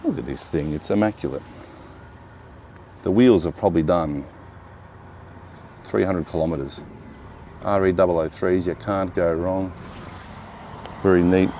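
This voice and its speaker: A man's voice: sits low, a little slow, long pauses, mellow, a little hiss or hum. A man, chatting casually to the camera as he parks his car and films it, self-deprecating and talking to himself. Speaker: car vlogger. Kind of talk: casual vlog narration. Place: in a parked car, then outside beside it. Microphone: handheld camera.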